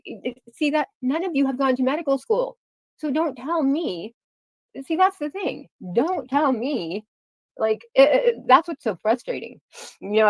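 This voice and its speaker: A woman's voice: on the high side, no room sound. A middle-aged woman vlogger ranting angrily to her viewers, heated and profane, repeating herself as she defends her family. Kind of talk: angry rant to camera.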